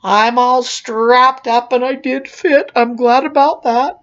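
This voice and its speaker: Woman, middle-aged, storyteller; slow unhurried telling, muffled lo-fi sound. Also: high voice. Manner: animated, voices others in the tale. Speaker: clown storyteller. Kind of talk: personal storytelling. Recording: dull lo-fi recording.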